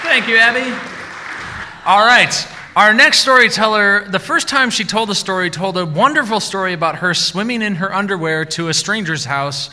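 A man's voice: sits high, moderate pace, bright, forceful tone. A man hosting a live event, introducing the next storyteller in an upbeat, emcee-like way. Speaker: event host. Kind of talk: introducing speakers. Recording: reverberant hall, faint crowd.

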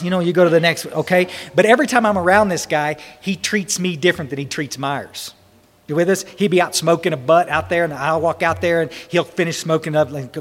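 A man's voice: a little high, fast talker, a bit bright, long reverb tail. Emotional, rambling man at a recovery meeting. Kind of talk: answering questions at a meeting.

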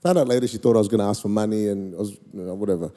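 A middle-aged Australian man preaching a storytelling sermon, animated, acting out conversations and shouting his exhortations. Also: on the low side, racing. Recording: echoey hall reverb.

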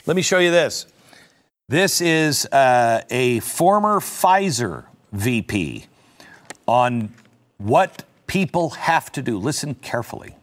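A middle-aged male talk show host in a sardonic monologue. He talks slowly, with a lively, wide-ranging pitch, and drops into self-mocking asides.

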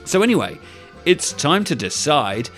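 A man hosting a podcast, presenting scripted narration in a measured, even-handed way. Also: on the high side, soft background music. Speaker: podcast host.

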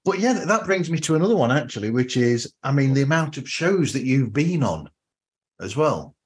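A man's voice: mid-range voice, big pitch swings, normal speed, background noise. A man hosting a casual podcast, easygoing and mostly giving brief interjections. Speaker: podcast host.

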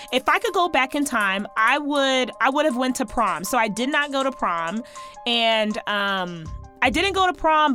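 This is a lively woman hosting a solo podcast, talking casually and playfully. Her voice sits high and bright, rising and falling with big swings, and she breaks into joyful preacher-style exclamations. The sound is close and dry, with faint music behind her. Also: no room sound. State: voice strained from singing. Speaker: podcast host.

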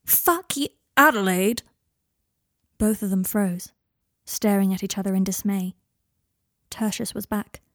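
A woman narrating a fan fiction audiobook in a calm, even reading voice. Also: medium pitch, measured pace, no room sound, studio quality.

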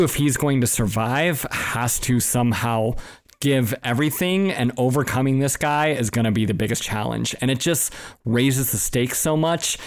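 Animated man acting out film scenes. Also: mid-range voice, vocal fry. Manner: animated, acts out quoted dialogue, laughs often. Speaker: film podcast co-host. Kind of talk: casual film discussion.

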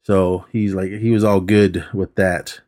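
A man's voice: deep voice, little pitch movement, measured pace, darkish tone. A man casually recapping a movie on a podcast, rambling and acting out the characters' lines. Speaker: podcast co-host.

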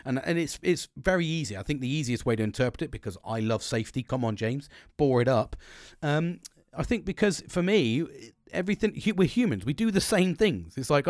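A man's voice: on the high side, lively intonation, a little fast, a little mellow, no room sound, clean studio sound. A middle-aged British man chatting on a podcast, rambling and blunt, with frequent swearing. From Britain. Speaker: podcast co-host. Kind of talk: casual chat.

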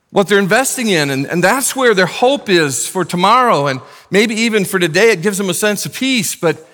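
A high, bright male voice preaches a sermon in an earnest, conversational way, slipping in casual asides. The sound carries the long reverb of a big church hall. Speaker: pastor.

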